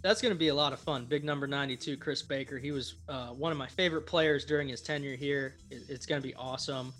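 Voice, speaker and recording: A man's voice: medium pitch, fairly even intonation, quick pace, fairly bright tone, faint music behind. A man co-hosting a sports podcast, cheerful and enthusiastic, delivering promo-style sign-offs. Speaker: podcast co-host. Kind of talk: casual sports podcast chat.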